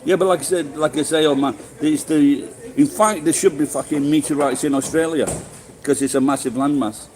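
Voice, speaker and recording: A man's voice: a little high, steady tone, normal speed, hardly any pauses, a little mellow, low-quality recording. A middle-aged man with a Sheffield accent, live-streaming and chatting casually with viewers in a rambling, swearing way with many restarts. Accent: Sheffield English. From England.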